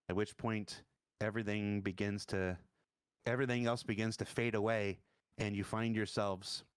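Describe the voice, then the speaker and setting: A man narrating a tabletop game as dungeon master, halting and searching for words. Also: fairly low pitch, smooth, no echo, studio quality.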